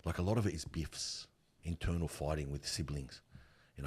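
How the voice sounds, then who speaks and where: This man's voice sits extremely low, husky and unhurried at a moderate pace. Middle-aged and working in funerals, he shares stories earnestly and with animation during a relaxed interview, frequently addressing the listener as "bro."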